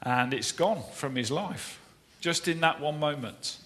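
Bright-voiced preacher in echoing hall. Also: male voice, fairly high pitch, measured pace, a little hiss or hum. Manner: anecdotal, conversational, with frequent fillers. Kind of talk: sermon storytelling. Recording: long reverberant hall.

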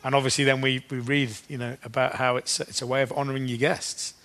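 A man's voice: medium pitch, level tone, fairly bright tone. Man preaching in a conversational way. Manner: conversational, with fillers and restarts, slowing for scripture readings. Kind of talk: sermon.

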